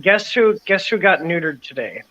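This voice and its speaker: A man dropping into a video-call chat from his phone, talking offhand and quickly while he works. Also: high voice, sing-song, sharp tone. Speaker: guest dropping into a hangout. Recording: dull dry phone mic.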